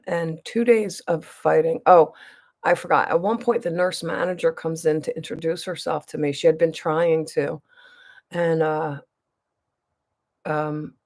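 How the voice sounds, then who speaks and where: A deep, creaky, somewhat mellow voice belongs to a beauty vlogger recounting a long personal story to her viewers. She rambles and speaks emphatically, with frequent restarts and side comments.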